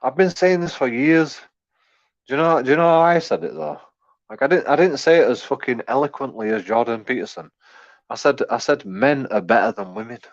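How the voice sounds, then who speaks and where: A man's voice: medium pitch, a little fast, lo-fi sound. A man, ranting in a rambling, crude, profanity-heavy way as he reacts to a clip. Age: 40s. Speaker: commentator. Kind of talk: casual reaction rant.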